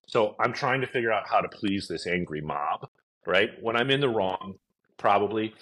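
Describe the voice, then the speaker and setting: A middle-aged man, a company executive, chatting casually in an interview, filling his stories with "like" and "you know" and acting out shouted quotes. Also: lowish voice, lively intonation, normal speed. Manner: chatty, many fillers, acts out shouted quotes. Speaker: events company CEO, podcast guest.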